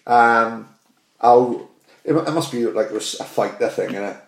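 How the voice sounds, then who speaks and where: A man with a mid-range voice hosts a loose, chatty conversation. He swears often and tags his remarks with quick questions. His voice carries a roomy echo. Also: medium pitch, gravelly. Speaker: host. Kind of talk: casual chat.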